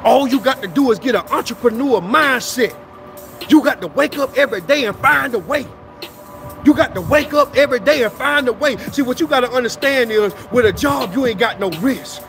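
A man, preaching motivation in a livestream rant outdoors, repeating himself and slipping into a sing-song. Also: extremely high pitch. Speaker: motivational streamer. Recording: music playing loud in the background.

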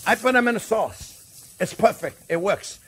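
Male chef, raised pitch, chatty jokey cooking demo, kitchen, light pan sizzle behind. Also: expressive, normal speed, bright, forceful tone, slight background noise. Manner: chatty and jokey, keeps calling the viewers "friends". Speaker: cooking show host, chef. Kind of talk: cooking demonstration. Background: faint sizzling pan.

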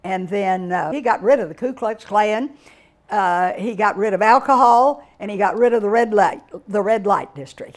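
An older woman from Texas, giving a digressive storytelling lecture with dramatic exclamations and drawn-out words. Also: medium pitch. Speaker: guest speaker reviewing a book.

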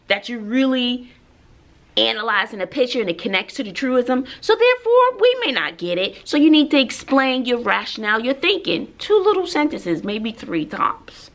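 A woman's voice: on the high side, animated, moderate pace, a bit bright. Sassy woman teacher vlogging. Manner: sassy, chatty, talks to viewers like girlfriends. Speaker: middle school teacher. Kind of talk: casual vlog chat.

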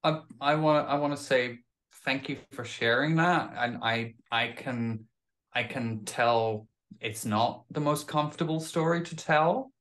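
Host, male; unhurried, gentle and supportive, measured delivery. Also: medium pitch, low-quality recording. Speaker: podcast host. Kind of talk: interview talk.

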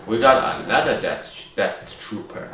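A man's voice: lowish voice, fairly bright tone. A man giving casual, rambling let's-play commentary, joking and correcting himself, recorded on a mic far from him. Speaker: gaming YouTuber. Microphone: far from the speaker. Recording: very echoey, distant mic, faint noise.

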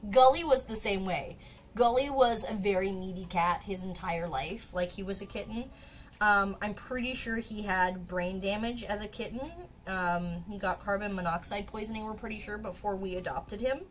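A woman's voice: mid-range voice, moderate pace, a little hiss or hum. A woman chatting casually to her viewers during a live craft stream, laughing often and swearing now and then.

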